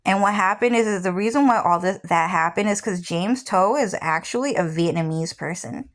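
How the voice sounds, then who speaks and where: A woman's voice: medium pitch, normal speed. A woman in her thirties telling a personal story in a casual, rambling way, often repeating herself and swearing. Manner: rambling, repeats "what happened is", swears freely. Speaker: vlogger.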